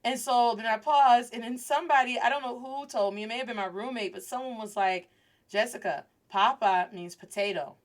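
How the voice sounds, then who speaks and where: A woman's voice: fairly high pitch, fairly quick. A woman in her thirties hosting a podcast, telling a story as a Spanish lesson and mixing Spanish into her English. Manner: animated, switches between Spanish and English. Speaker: podcast host.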